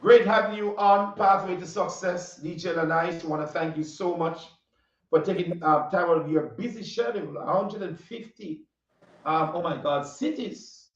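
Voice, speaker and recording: A man with a Caribbean accent hosting a casual interview, animated, often laughing and repeating his questions. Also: high-pitched, moderate pace. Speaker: interview host. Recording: distant, roomy, dull audio.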